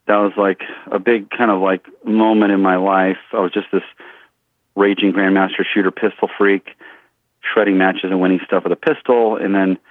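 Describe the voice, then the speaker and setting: Man, middle-aged, shooting instructor, rambling storyteller, low voice, dry, phone-quality sound. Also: no room sound. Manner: animated, rambling storyteller who acts out quotes. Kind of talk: casual storytelling in an interview. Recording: tinny phone-like line.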